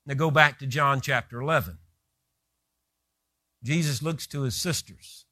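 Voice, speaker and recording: A man's voice: mid-range voice, measured pace, pushed and bright, no room sound, studio quality. A man preaching a sermon who retells scripture with vivid, rising emphasis.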